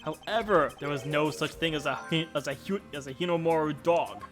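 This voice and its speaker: A woman voicing a composed, formal male prosecutor who reasons deliberately in a game let's play. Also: low voice, expressive, over music. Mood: deliberating.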